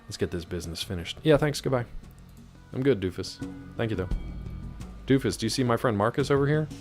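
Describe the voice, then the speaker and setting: A man with a fairly low voice chats loosely while playing a game. He rambles and piles on fillers as he tells a story, and soft music plays underneath. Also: animated, fast talker. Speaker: gaming streamer. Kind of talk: casual let's-play commentary.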